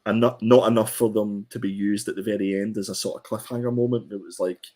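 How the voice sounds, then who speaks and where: In a relaxed, casual comic review, a comic book podcast co-host speaks fast in a slightly low voice. He hesitates a lot, with ums filling the gaps and sentences often begun again.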